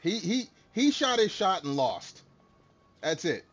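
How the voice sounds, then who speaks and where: A man with a high, very lively voice chats loosely with his live-stream audience, cracking jokes and cursing freely. The audio is dull and lo-fi, with faint music playing underneath. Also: slow. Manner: joking, laughing, swears freely. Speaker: streamer talking to chat. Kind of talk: casual live-stream chat with viewers.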